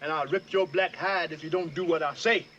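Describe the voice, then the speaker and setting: In this period film drama scene, a Southern-accented actor portrays an older enslaved fiddler who flatters his master and scolds a newcomer in drawling dialect. The voice is on the high side and a bit bright, with a steady tone and slightly fast pace, lightly acted, on a lo-fi recording with faint hiss or hum.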